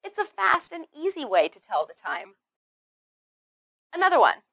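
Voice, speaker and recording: A very high, very animated woman's voice, pushed and bright, drills English pronunciation in a slow, scripted lesson. She over-articulates carefully, repeats each word, and praises the learner, with no room sound.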